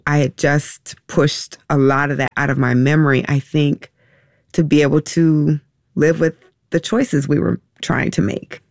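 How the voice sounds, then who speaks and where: A middle-aged woman telling a painful personal story in a halting, emotional way, with many restarts and fillers. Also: deep voice, flat delivery, no room sound, clean studio sound. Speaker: interview guest.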